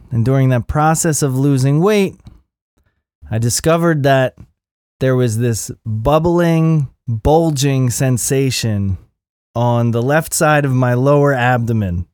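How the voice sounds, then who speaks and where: A man's voice: medium pitch, darkish tone, clear, resonant tone, dry recording, clean studio sound. A middle-aged man hosting his own podcast in a casual, profane, self-mocking rant. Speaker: podcast host. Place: Los Angeles area.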